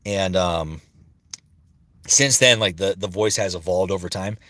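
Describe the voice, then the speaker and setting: A man in his thirties with a slightly low voice chats on a livestream. He is a voice actor, and he talks loosely and rambles as he searches for words. He swears freely. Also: measured pace, a bit bright, no echo. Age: 30s. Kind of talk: casual livestream chat.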